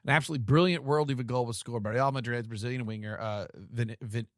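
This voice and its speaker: A man co-hosting a casual podcast, joking and animated as he chats about beer and football. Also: medium pitch, quick pace, no echo, studio quality. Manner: jokey, animated, laughs often. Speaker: podcast co-host. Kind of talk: casual chat.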